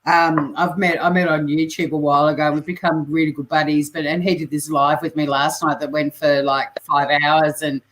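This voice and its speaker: A woman's voice: sits low, little pitch movement, brisk, few pauses, a little hiss or hum, low-quality recording. Chatty woman livestream host. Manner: chatty, laughs often. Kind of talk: casual chat on a video call. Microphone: video call.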